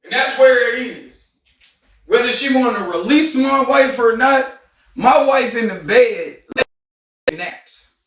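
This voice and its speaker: A man in a heated, confrontational livestream rant, often shouting. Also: very high voice, slow, long pauses, far from the mic. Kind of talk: ranting livestream monologue. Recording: roomy, off-mic sound.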